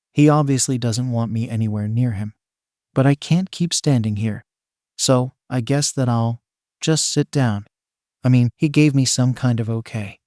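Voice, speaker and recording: A man's voice: mid-range voice, mellow, dry recording, clean studio sound, close to an everyday voice. A man voicing a nervous, awkward young woman who mutters her rambling thoughts in a hesitant way, in a storybook reading.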